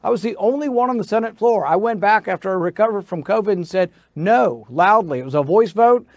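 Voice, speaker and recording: A man's voice: high-pitched, lively intonation, a little fast, no room sound. A middle-aged American man who is a senator, telling a story in an interview in an insistent manner that builds to indignation. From United States.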